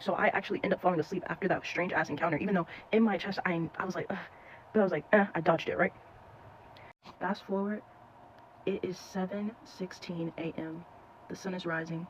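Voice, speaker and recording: A woman telling a personal scary story in a casual, animated way, full of slang and swearing. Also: fairly low pitch. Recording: dull lo-fi with faint noise.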